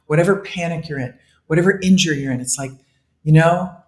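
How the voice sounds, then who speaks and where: A man's voice: on the high side, fast talker. A man being interviewed as a detox specialist, talking animatedly and laughing often. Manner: animated, acts out inner dialogue, laughs often. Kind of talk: casual interview talk. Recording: echoey room.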